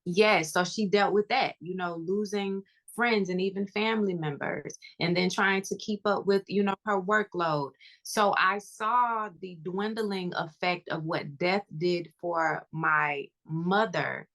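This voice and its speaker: A woman's voice: lowish voice, fairly even intonation, measured pace, a bit bright. A woman guest on a podcast, talking earnestly and reflectively about her family.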